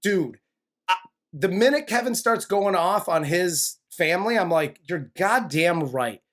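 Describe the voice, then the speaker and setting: A man's voice: high-pitched, expressive, a little slow, fairly bright tone. A man co-hosting a casual movie review, heated and profane, who laughs often. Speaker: movie review podcast co-host.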